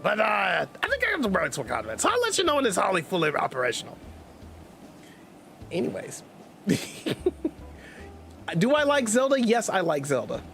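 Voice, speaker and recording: Male stream host, high and bouncy, hyper and jokey, rambles and restarts. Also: huge pitch swings, moderate pace, pauses often, a bit bright, soft background music. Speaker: gaming livestream host. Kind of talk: casual livestream chat.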